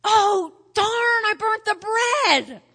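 A woman's voice: very high voice, animated, extremely slow, pushed and bright, pitched above the performer's own voice, full character voice. A woman voicing a flustered, busy hostess who frets over her cooking and blames her sister, in a reverberant hall. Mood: fretting.

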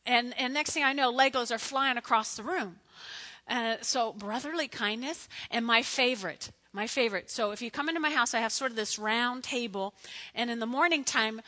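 A middle-aged woman gives a chatty sermon full of family stories, her voice high and bright. She talks straight to her listeners, asks them questions and keeps an animated, storytelling flow. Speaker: preacher. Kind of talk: conversational sermon with personal stories.

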